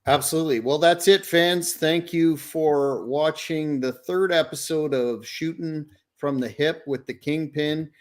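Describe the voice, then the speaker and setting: A man hosting a wrestling talk show, speaking softly and with some hesitation. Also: fairly high pitch, a little slow, hardly any pauses. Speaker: show host and wrestling promotion executive. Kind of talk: podcast hosting. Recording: guitar music playing under the voice.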